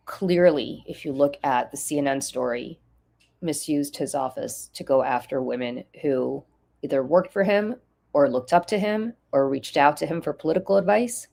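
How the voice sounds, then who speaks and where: A political commentator and nonprofit leader gives impassioned talk-show commentary in a deep, darkish voice with vocal fry. She is emotional and urgent, emphatically repeating her key points for force.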